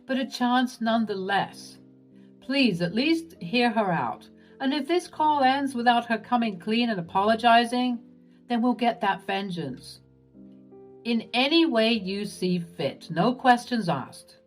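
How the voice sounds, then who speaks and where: A woman voicing a gentle, conflicted young husband who speaks in a soft, pleading, measured way. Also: fairly high pitch, expressive, faint music behind.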